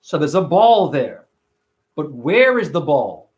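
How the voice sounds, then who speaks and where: A man talking straight to camera in a casual vlog, emphatic and animated, swearing now and then. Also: on the high side, slow pace. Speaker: vlogger.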